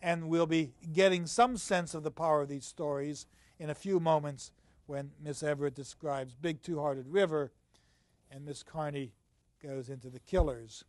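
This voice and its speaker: Older male professor, somewhat high voice, dry close mic; emphatic lecturing, reads passages in slow rhythm. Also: steady tone, dry recording. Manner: swings from loud emphatic stresses to low quiet asides. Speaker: literature professor. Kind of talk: university lecture.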